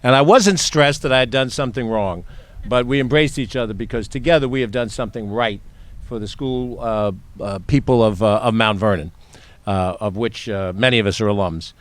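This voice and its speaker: A public official giving a chatty, anecdotal ceremony speech, full of small hesitations. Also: male voice, medium pitch, brisk, no room sound. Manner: chatty storytelling with many "uh" fillers.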